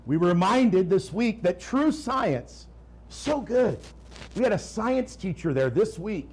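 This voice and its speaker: A man preaching a sermon as a pastor, swinging between slow, emphatic lines and quick, quiet asides. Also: high-pitched, very animated, breathy edge, poor audio.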